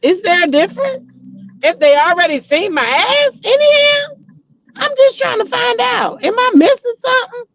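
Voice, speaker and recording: A middle-aged woman holds forth in a chatty gossip vlog, swinging into dramatic outbursts as she talks straight to her viewers. Her delivery is animated and familiar. The recording sounds dull and lo-fi. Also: fairly high pitch, dry recording. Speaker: vlogger, show host. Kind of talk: casual celebrity gossip chat.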